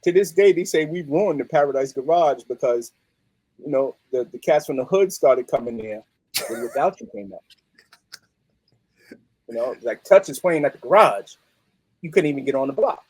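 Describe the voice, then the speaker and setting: A middle-aged man, a musician guest telling stories in a streetwise, animated way. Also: mid-range voice, normal speed, pauses often, husky, no echo, poor audio. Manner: animated, streetwise, peppered with "you know what I mean". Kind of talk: casual interview storytelling.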